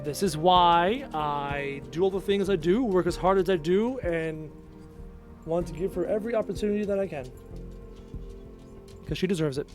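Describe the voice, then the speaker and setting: High voiced gamer guy ranting from his home setup, super opinionated, keeps repeating himself to drive it home. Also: normal speed, pauses often, music in the background. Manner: opinionated, emphatic, repeats key phrases. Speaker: gaming YouTuber and streamer. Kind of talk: casual rant while playing a game.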